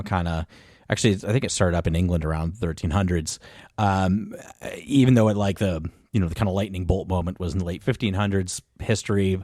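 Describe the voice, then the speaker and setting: A man's voice: fairly low pitch, no room sound, studio quality. A man co-hosting a podcast, explaining history in a rambling casual chat full of asides. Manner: rambling, with many fillers and asides. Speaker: podcast co-host.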